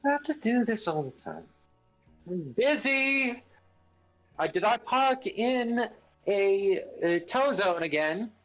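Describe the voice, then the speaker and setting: A man's voice: sits high, big pitch swings, slow pace, fairly bright tone, muffled recording, soft background music, voice pushed up, exaggerated voice. A man voicing a grumpy, put-upon character in a mock British accent, exasperated and fussy.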